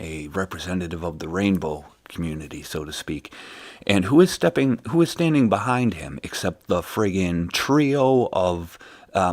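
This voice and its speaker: Male show host, very low pitch, casual and profane, rambling storyteller. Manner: profane, rambling, many fillers. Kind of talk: casual ranting monologue.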